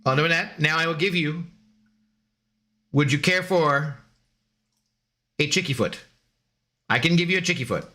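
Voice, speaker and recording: A man's voice: on the high side, unhurried, long pauses, pushed and bright. A man streaming live, chatting casually with viewers in a rambling way and slipping into sing-song baby talk with his dog.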